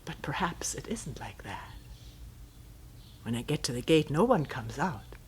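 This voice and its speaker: A meditation teacher gives a reflective retreat talk, reading a commentary aloud slowly and thoughtfully, often sinking into a breathy near-whisper. Her bass voice swings widely in pitch, and she's wry at times, with soft laughs. There's slight background noise.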